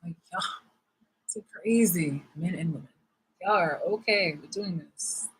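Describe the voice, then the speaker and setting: Husky-voiced woman ranting angrily. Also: fairly low pitch, measured pace, low-quality recording. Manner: profane, angry, sarcastic, with bursts of laughter. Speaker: vlogger. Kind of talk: heated vlog rant.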